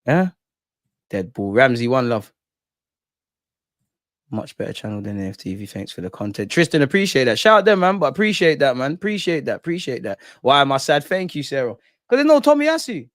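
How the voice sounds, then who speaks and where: A man's voice: medium pitch, lively intonation, brisk, a bit bright, no echo. A young man hosting a live football watch-along, reacting passionately with slang, banter and frequent swearing. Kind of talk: live match reaction commentary.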